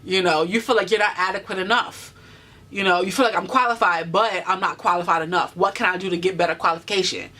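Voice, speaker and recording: A woman's voice: fairly low pitch, fairly even intonation, fast, sharp tone. A woman in her twenties talking earnestly to camera in a vlog, encouraging her viewers with many "you know" fillers. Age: 20s. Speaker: vlogger. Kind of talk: heartfelt talk to camera.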